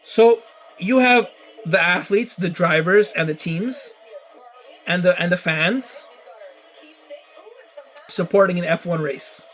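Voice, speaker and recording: Guy with a pretty high voice venting on camera, keeps tripping over his words and cursing. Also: slow, long pauses, a bit bright, faint music behind, rough recording. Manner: stammering, repeats words, swears a lot. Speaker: vlogger. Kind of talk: casual rant to camera.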